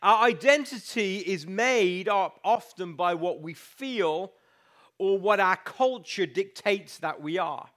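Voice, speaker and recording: A middle-aged man, a pastor preaching a sermon in an animated, storytelling way. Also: high-pitched, takes it slowly.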